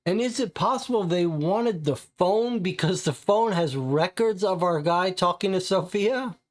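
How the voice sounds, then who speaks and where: A man's voice: high voice, expressive. Man puzzling out clues aloud. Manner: reasons through clues in quick bursts. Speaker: board game player. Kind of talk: thinking aloud while reading game cards.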